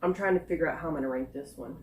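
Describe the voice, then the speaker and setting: A woman reviewing snacks in a casual taste-test vlog, chatting and thinking aloud with quiet asides. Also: low voice, rapid-fire, a little hiss or hum. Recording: echoey room.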